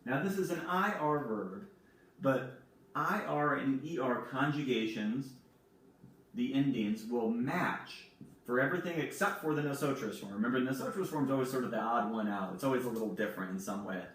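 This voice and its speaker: A man's voice: mid-range voice, moderate pace, fairly bright tone, very echoey, recorded from a distance. A man teaching a recorded language lesson, patiently explaining and spelling words out letter by letter. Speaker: Spanish teacher.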